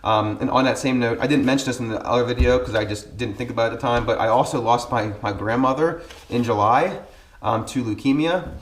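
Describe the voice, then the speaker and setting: A man's voice: mid-range voice, steady tone, fairly quick, echoey room. A man in his thirties from Pennsylvania, vlogging to camera about his car channel in a casual, earnest way with many ums. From Pennsylvania, USA. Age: 30s. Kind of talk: casual vlog talk to camera.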